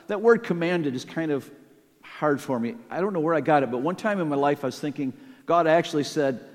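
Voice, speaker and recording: A man preaching a sermon as pastor, emphatic and animated, acting out quoted lines. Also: medium pitch, normal speed, big-room sound.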